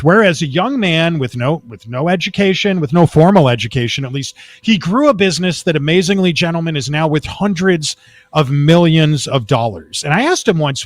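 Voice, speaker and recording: Animated man telling rambling stories. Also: a little high, no echo. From Texas. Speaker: guest. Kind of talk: casual storytelling on a talk show. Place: high-rise apartment, remote call.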